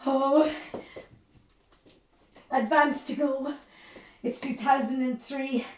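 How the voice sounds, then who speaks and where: An actress playing a lively Spanish woman who has moved to Ireland, with a Spanish accent, telling her story in a one-woman theatre monologue with lots of playful laughter. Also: high voice, slow pace, recorded from a distance, noisy background. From Spain. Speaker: stage performer. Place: theatre stage. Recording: roomy stage sound from afar, faint music.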